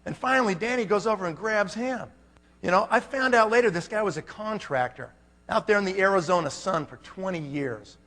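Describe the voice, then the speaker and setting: Animated, high-voiced storytelling man. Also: fairly quick. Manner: animated, acts out every character. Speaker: conference speaker. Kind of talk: comic storytelling. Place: large conference hall. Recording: long hall reverb.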